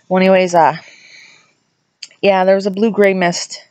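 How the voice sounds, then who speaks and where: A woman's voice: flat delivery, moderate pace, long pauses, darkish tone, no echo, highs cut off. A middle-aged woman vlogger casually telling a ghost story to camera, rambling with asides and restarts. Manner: acts out quoted voices in a higher pitch.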